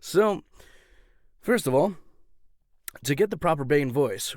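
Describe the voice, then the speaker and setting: A man's voice: mid-range voice, animated, moderate pace, pauses often, a little mellow, no echo. A man hosting his own channel, talking casually and loosely to camera from a home voice-over booth on studio mics. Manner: chatty, loose, many fillers and restarts. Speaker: voice actor and YouTube host. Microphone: studio condenser and shotgun mics.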